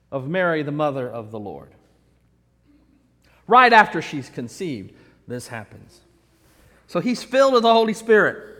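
A male preacher giving a sermon with humorous asides, playfully acting out the characters. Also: high-pitched. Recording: echoey hall.

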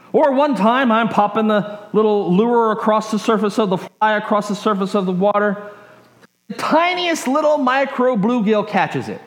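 Male pastor, storytelling sermon, high voice, animated chained phrasing, roomy echo. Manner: animated, builds excitement in long chains of "and".

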